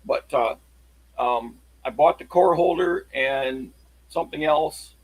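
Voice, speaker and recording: A man chatting casually on a livestream, showing his locksport tools in a halting, rambling way. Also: fairly high pitch, breathy edge, no echo, rough recording. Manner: halting, rambling show-and-tell.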